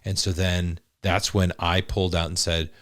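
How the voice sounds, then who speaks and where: A man's voice: sits low, flat delivery, normal speed, a bit bright, no echo, studio quality. A man co-hosting a marriage podcast, explaining in an earnest casual way, often restarting his sentences. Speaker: podcast co-host, husband. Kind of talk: casual chat.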